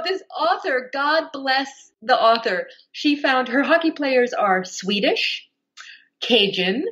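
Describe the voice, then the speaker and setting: Animated woman audiobook narrator. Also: a little high. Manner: animated storytelling with frequent laughs. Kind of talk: casual podcast interview.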